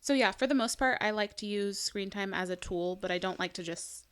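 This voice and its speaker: A young woman on a parenting podcast, chatting loosely and filling her sentences with "like" and "um". Her voice sits at an ordinary pitch for a woman, and she talks as though to a close friend. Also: fairly quick, smooth. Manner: chatty, lots of "like" and "um". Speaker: podcast co-host, mother. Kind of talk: casual chat.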